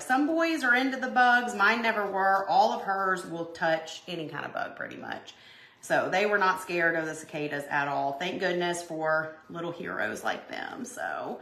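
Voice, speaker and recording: A woman's voice: lowish voice, a bit bright. A woman hosting a live crafting stream, chatting casually with viewers in a rambling way with lots of asides. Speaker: craft livestream host. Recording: echoey room.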